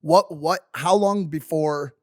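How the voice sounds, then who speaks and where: A young man hosting a podcast, chatting casually and reacting with loud excitement. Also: on the high side, takes it slowly, dry recording, clean studio sound. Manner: excitable, exclaims, swears freely. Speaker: podcast host. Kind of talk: casual chat.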